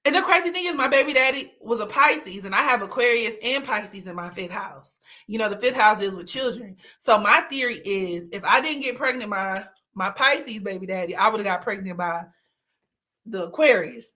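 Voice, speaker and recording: A woman's voice: medium pitch, lively intonation, moderate pace, pushed and bright. A young woman hosting a livestream, telling candid stories in casual chat, laughing often and slipping into dramatic, teary mock outbursts. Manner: candid storytelling with frequent laughter. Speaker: livestream host.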